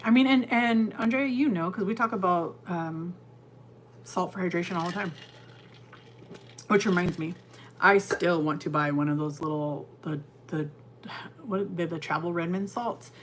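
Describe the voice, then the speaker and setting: Chatty woman host, lowish voice. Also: normal speed, a little hiss or hum. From California. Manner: rambling and chatty, answering chat comments. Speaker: livestream host. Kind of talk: casual live chat with viewers. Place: home kitchen.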